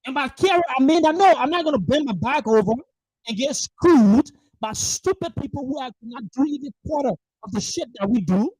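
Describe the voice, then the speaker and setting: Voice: high-pitched, animated, fairly quick, darkish tone, slightly rough, dry recording, rough recording. A political livestream host delivering an angry monologue, emphatic and profane, hammering the same rhetorical questions again and again. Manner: fierce, emphatic, repeats rhetorical questions, swears. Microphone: livestream microphone.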